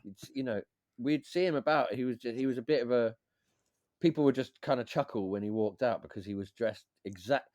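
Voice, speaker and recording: A man, a DJ and beat maker who is a guest on a podcast, telling stories in a lively, swearing, casual way and acting out what others said. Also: mid-range voice, brisk, dry recording. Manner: animated, swears freely, acts out quotes. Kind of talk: casual storytelling chat.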